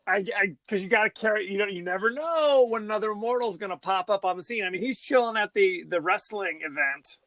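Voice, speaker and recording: A man with a notably high, bright voice, talking in loose, excitable podcast chat. He laughs a lot and bursts into exclamations. The sound is close and dry. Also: quick pace, hardly any pauses, no room sound. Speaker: podcast co-host. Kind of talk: casual chat.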